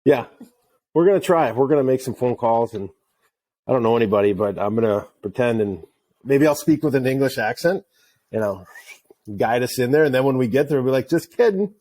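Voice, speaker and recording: A middle-aged man from Wisconsin co-hosting a sports parenting podcast, telling stories in a joking, animated way. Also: mid-range voice, a little fast, dry recording. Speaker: podcast co-host. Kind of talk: casual chat.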